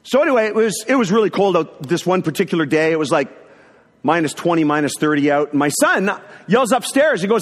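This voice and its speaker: A middle-aged man telling a personal story in a sermon, animated, acting out the voices of people in it. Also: a little high, brisk. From northern Ontario, Canada. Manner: animated storyteller who acts out quotes. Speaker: speaker sharing a testimony. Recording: echoey hall.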